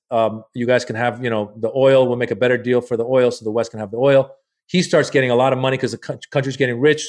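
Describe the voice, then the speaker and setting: A man, a comedian guest, telling a long story in a casual podcast chat, acting out the people he quotes in a loose, profane way. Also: mid-range voice. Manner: animated, acts out quoted people.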